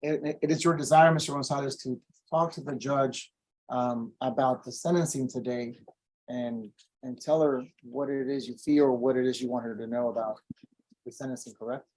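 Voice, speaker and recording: A man acting as defense attorney in a courtroom, speaking haltingly and repeating words as he sets up questions. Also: mid-range voice, steady tone, a little mellow, poor audio. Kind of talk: courtroom proceedings.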